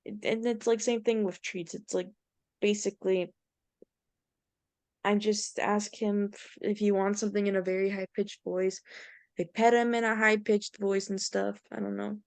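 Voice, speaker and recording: A woman's voice: mid-range voice, flat delivery, normal speed, vocal fry, darkish tone, dry recording. A teenage girl, a student in an online tutoring session, talking hesitantly and searching for her words.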